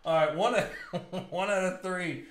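High-voiced and unhurried, this box break host banters and jokes with chat viewers while calling out the hits during a live trading card break. The room is echoey, with faint noise in the background.

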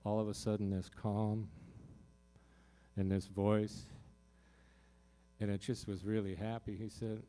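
A man with a lowish, mellow voice tells a personal story to a live audience from a concert stage. He talks loosely and from the heart, stacking up fillers and restarts as he goes. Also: little pitch movement, unhurried, pauses often. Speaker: singer-songwriter performing in concert.

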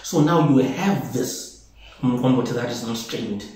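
A man's voice: medium pitch, measured pace, darkish tone. A South African man, a traditional healer, demonstrating a home brewing process in a casual way and often repeating his phrases as he shows each step. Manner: repeats phrases while showing steps. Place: newly moved-into home. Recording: very echoey bare room.

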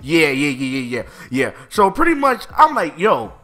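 A young man casually reviewing manga chapters, animated and excitable, full of slang and swearing. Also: a little high, normal speed. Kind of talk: casual chat.

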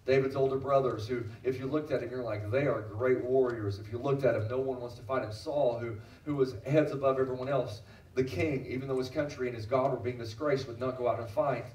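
A man's voice: medium pitch, steady tone, a little fast, a little mellow. A middle-aged man preaching a sermon as pastor, emphatic and repeating phrases, asking the congregation questions. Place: church sanctuary. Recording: roomy church audio from a distance.

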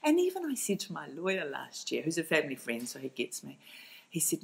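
Passionate low-voiced New Zealand woman. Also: sing-song, fast talker, creaky, poor audio. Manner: passionate, emphatic, many restarts. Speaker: documentary filmmaker, guest. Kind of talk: podcast interview.

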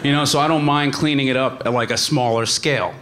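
A young man doing stand-up on a theater stage with a deadpan delivery, full of hesitant fillers. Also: fast talker, background noise. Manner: deadpan delivery with many uh fillers and a lively pitch. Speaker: stand-up comedian. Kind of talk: stand-up comedy set.

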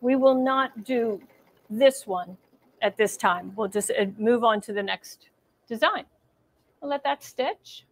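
A woman's voice: a little high, slow pace. A middle-aged woman teaching machine embroidery in a live demonstration, chatty and reassuring, thinking aloud as she works.

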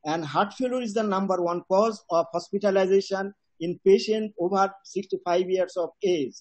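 Prof giving a lecture, kinda high pitched, husky, middle aged. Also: male voice, poor audio. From Bangladesh. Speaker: lecturer, professor of cardiology. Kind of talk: academic lecture.

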